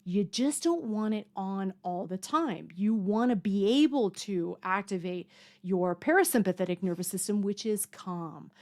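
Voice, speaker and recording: A woman talks through a health lesson in a loose, conversational way. She leans on fillers and restarts. Her pitch is mid-range, neither high nor low. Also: expressive, a little slow, a little mellow. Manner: chatty, lots of fillers, acts out panicked voices for fun. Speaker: health coach. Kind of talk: casual educational talk. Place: home near a mountain lake.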